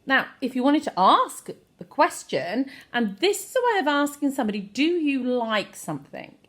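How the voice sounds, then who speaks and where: Lively woman teaching French phrases. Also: sits high, normal speed. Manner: lively, expressive, playful overacting of phrases. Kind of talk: online language lesson.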